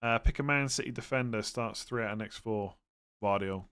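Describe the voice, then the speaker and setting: A man's voice: medium pitch, smooth. A man hosting a live stream, chatting casually and thinking aloud as he answers viewers' questions. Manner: relaxed, thinks aloud with fillers and quick verdicts. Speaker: livestream host answering fantasy football questions.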